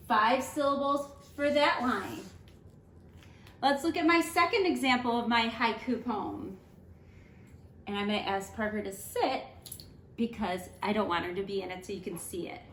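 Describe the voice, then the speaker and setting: A woman teacher reading a picture book aloud to children, slow and emphatic as she counts out syllables. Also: a little high, a bit bright, roomy sound, a little hiss or hum. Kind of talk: lesson and read-aloud for children.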